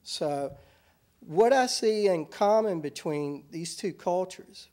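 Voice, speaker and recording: A man's voice: high voice, expressive, slow pace, warm tone. A middle-aged man from Virginia with a Southern accent, giving a thoughtful, wry talk at a university symposium. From Richmond, Virginia, US. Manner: thoughtful, wry lecturing with some self-corrections. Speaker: academic speaker at a symposium. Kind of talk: conference talk.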